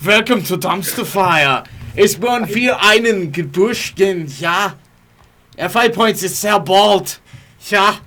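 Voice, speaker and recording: A man's voice: high voice, slow pace, sharp tone, full character voice. A man putting on a stiff mock-German man making clipped, formal announcements.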